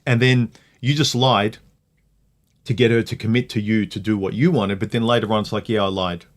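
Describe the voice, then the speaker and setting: A man's voice: fairly low pitch, steady tone, normal speed. A middle-aged man hosting a casual livestream chat, opinionated and ranting, with many "like"s. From Australia. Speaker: livestream host.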